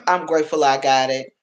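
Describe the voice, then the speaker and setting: Mom in her 40s chatting on a livestream, laughs a lot, talks like an auntie to her viewers. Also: low voice. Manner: motherly and affectionate, like an auntie. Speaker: livestream host. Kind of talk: casual livestream chat with viewers.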